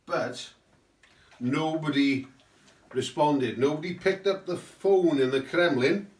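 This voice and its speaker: A man's voice: on the high side, slow pace. A man giving a rambling satirical political monologue, full of tag questions. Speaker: host. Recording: roomy, mic at a distance.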